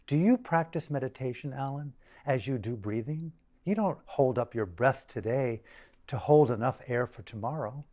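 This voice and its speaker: An older man giving a dharma talk to a group, emphatic and deliberate, repeating phrases for stress. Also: medium pitch, mellow. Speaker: dharma teacher.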